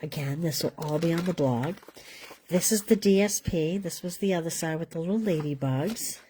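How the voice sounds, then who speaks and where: A woman with a low voice hosts a live card-making class from home, speaking at a moderate pace with background noise audible. She chats casually while coloring and assembling cards, often trailing off mid-sentence.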